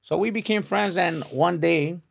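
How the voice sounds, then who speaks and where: A man's voice: high-pitched, a little slow, vocal fry, breathy edge. A man who is a guest on a podcast, telling rambling anecdotes in casual chat.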